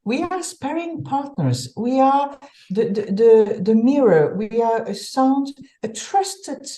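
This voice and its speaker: A Belgian executive coach tells stories in a conversational interview, animated and often restarting her words. Her voice sits on the high side and she speaks slowly; the audio is poor.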